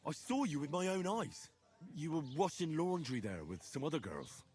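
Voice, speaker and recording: An earnest young peasant hero. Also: male voice, on the high side, huge pitch swings, moderate pace, darkish tone. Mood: insistent. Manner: insistent, polite.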